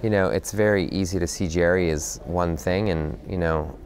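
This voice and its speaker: A middle-aged actor being interviewed about his film, talking thoughtfully and often pausing to search for words with "you know". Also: sits low, a little mellow, a little hiss or hum. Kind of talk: press junket interview.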